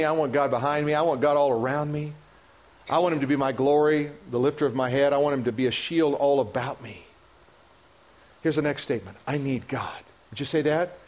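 Impassioned preaching man, fairly high voice. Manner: impassioned, rising to high emotional peaks; halting restarts and repetitions. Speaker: pastor. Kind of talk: sermon. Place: church sanctuary.

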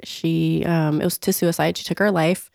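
Hoarse-voiced female radio guest. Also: sits low, moderate pace, dry recording, studio quality. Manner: open and steady, with fillers. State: sick, hoarse. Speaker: guest, business owner. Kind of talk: casual radio interview. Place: radio studio.

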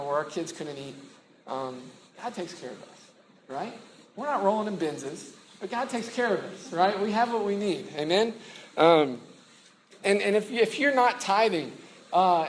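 A middle-aged man preaching to a room, his voice sitting a little higher than most men's. He speaks in a loose, conversational way, full of restarts and fillers. The room around him is echoey, with a faint hum of ambience behind his words. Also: lively intonation, fairly quick. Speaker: campus ministry pastor. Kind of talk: sermon.

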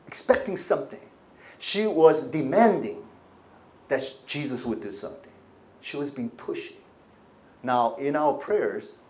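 A man preaching a sermon as pastor, with animated delivery and congregation call-and-response. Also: a little high.

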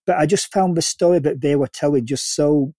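A man talks through a film review in a casual, halting way, often repeating words before he lands on a blunt verdict. His voice sits a little high and mellow, recorded dry and close. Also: no echo.

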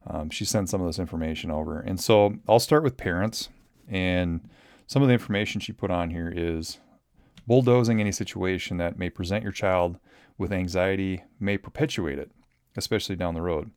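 Low, smooth-voiced man hosting a podcast. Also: moderate pace, darkish tone, no echo, clean studio sound. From Minnesota. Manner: rambling, lots of ums and restarts. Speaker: podcast host. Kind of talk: casual solo podcast talk.

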